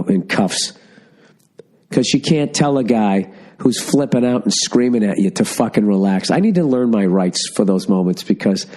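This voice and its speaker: Stuffy man ranting into a podcast mic. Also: lowish voice. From Massachusetts. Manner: profane, ranting, storytelling, animated asides. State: stuffy, congested from a cold. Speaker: podcast host. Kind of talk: casual solo podcast rant. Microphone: studio podcast mic.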